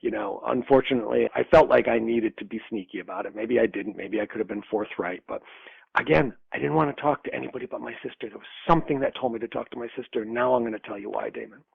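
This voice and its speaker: Man in his 60s, gravelly husky voice, animated storyteller, dull lo-fi dry sound. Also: mid-range voice, fast, dry recording. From upstate New York. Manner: animated storyteller, laughs often, acts out dialogue. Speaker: podcast guest. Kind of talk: storytelling interview.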